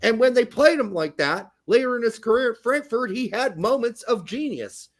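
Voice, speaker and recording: A man's voice: extremely high pitch, lively intonation, normal speed, a little hiss or hum. A man co-hosting a casual soccer podcast, talking in a profane, emphatic way. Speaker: podcast co-host.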